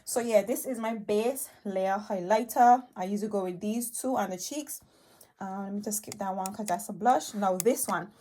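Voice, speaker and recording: Her voice is mid-range and dark, at a normal speed, as she chats through a product review of her beloved beauty items. Recording on a tablet held in her hand in a makeup-strewn room at home, she rambles eagerly, using lots of fillers and sounding slightly breathless.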